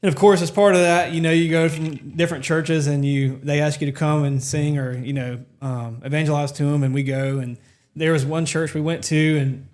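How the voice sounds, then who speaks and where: Man, slightly higher voice, rambling podcast co-host, self-deprecating and full of fillers. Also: fairly even intonation, fairly quick, darkish tone. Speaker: podcast co-host, worship ministry member. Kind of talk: casual storytelling chat.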